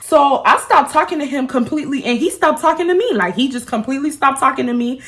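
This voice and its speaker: A woman in her twenties telling a storytime vlog, animated and full of profanity as she gossips. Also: sits high, quick pace, few pauses. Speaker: beauty vlogger.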